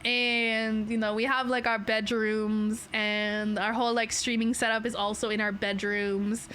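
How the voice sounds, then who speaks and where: A young Canadian woman with a Canadian accent chatting on a livestream from her bedroom setup. Her voice sits a touch high and sounds bright and forceful. She rambles in a playful, unhurried way and breaks into laughs often. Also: little pitch movement, slight background noise. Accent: Canadian English. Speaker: VTuber streamer. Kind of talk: casual livestream chat. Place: home streaming setup in a bedroom.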